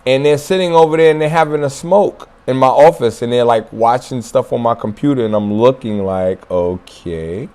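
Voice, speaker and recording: Guy ranting casually to his channel, mid-pitched voice, swears a lot, laughs here and there. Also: fairly quick, hardly any pauses, a little mellow, clean tone. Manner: loose, profane street talk with chuckles; repeats lines for emphasis. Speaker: martial arts vlogger and channel host. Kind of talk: casual solo monologue to viewers.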